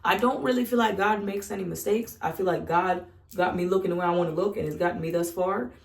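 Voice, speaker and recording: A woman's voice: on the low side, fast, vocal fry. A young woman from the South, talking bluntly and with lots of swearing in a candid casual monologue. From Southern United States. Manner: blunt, profane, animated. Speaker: vlogger. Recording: echoey room.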